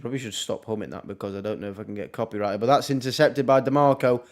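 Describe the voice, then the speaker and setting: Streaming a football match live, a young man offers casual watchalong commentary peppered with wry asides and fast reactions. He speaks in a mid-range voice with a darkish tone.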